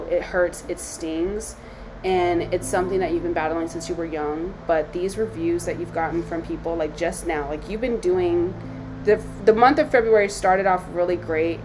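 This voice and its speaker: A woman's voice: lowish voice, noisy background. A young woman, a psychic medium, talking candidly to her phone camera, emotional and close to tears, swearing freely. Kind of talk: emotional self-talk vlog.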